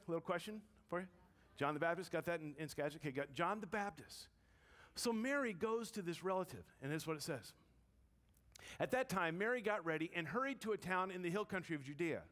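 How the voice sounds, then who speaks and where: Woman pastor, chatty sermon delivery, quips and asks the room questions; reverberant sanctuary sound. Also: mid-range voice. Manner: conversational, joking, questions the congregation. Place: church sanctuary. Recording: long church reverb.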